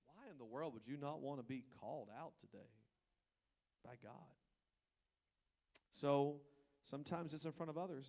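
A pastor delivers a sermon in a gravelly, medium-pitched voice at a moderate pace, swinging from quiet asides to loud, emphatic stretches and voicing people's thoughts in playful quotes.

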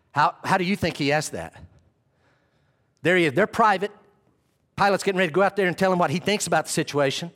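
High-voiced animated male preacher. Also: brisk. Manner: animated, acts out quoted voices. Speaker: pastor. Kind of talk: sermon.

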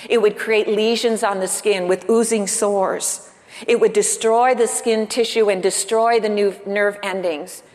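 Woman, pastor, sermon, earnest, rhetorical questions, mid pitch, long church reverb. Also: fairly even intonation, a little slow, a little mellow.

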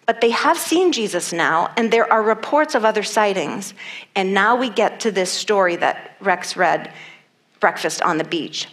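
A woman's voice: mid-range voice, fairly bright tone. A woman preaching a sermon and reading scripture, earnest and emphatic, repeating key phrases for weight.

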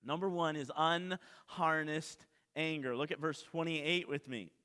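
A man's voice: a little high, steady tone, a little slow, bright, forceful tone, clean tone. A male pastor preaching a sermon with emphasis, repeating key lines and asking the congregation questions. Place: church sanctuary. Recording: long reverb of a large hall.

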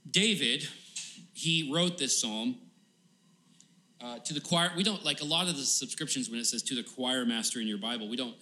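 Male pastor, casual halting sermon delivery, bright tone, emphatic pleading in the paraphrases. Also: mid-range voice. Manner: casual, halting delivery with many fillers and restarts; grows pleading and emphatic when paraphrasing the psalm.

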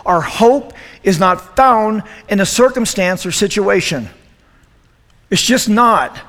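Youth pastor, man, high voice, animated and joking, preaching in an echoey hall. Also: takes it slowly. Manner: animated, joking, asks the room questions. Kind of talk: youth group sermon.

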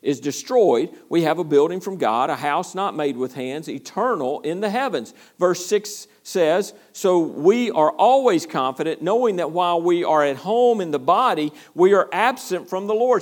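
High-voiced preaching pastor, lilt. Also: male voice, normal speed, hardly any pauses. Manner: animated preaching with frequent restarts, rising emphasis. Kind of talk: sermon.

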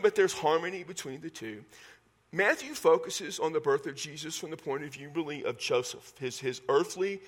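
A man's voice: fairly high pitch, fairly bright tone. A man preaching a sermon in a folksy way, joking with the congregation and often repeating words as he restarts. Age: 50s. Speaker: pastor.

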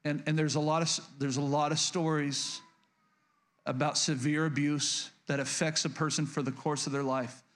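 A man's voice: a little high, flat delivery, moderate pace, fairly bright tone. A man preaching a sermon as pastor, speaking earnestly and confessionally, often restarting and asking the congregation questions.

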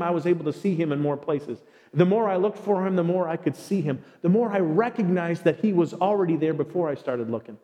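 A man's voice: high-pitched, warm tone, long reverb tail. A middle-aged man preaching a heartfelt sermon as a pastor.

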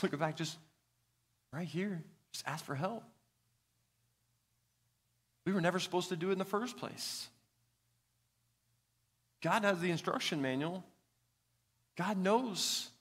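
Earnest young pastor in a reverberant hall. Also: male voice, a little high, a bit bright, breathy edge. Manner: earnest, storytelling with a child's anecdote. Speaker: student pastor. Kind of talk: sermon.

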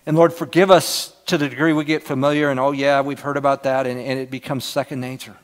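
A middle-aged man preaching a sermon as pastor, earnest, swinging from loud emphasis down to near-whispers. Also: mid-range voice, level tone, fast.

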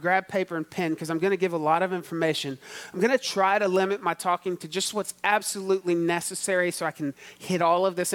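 A male pastor delivers a sermon with a notably high-pitched voice. He teaches emphatically, repeating key words and calling on the congregation to respond. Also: fairly bright tone.

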